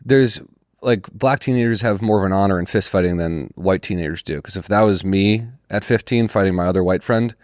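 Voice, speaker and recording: With a low voice and a fairly quick pace, the young comedian co-host spins a story during a casual podcast chat. He's animated, curses heavily and impersonates the people he quotes, and the studio-quality recording has no echo.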